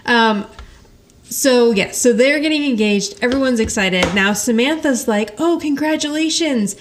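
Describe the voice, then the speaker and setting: A woman's voice: on the high side, unhurried, slight background noise. Chatty woman podcast host recapping. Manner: chatty storytelling, laughs often, acts out quoted lines. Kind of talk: casual chat.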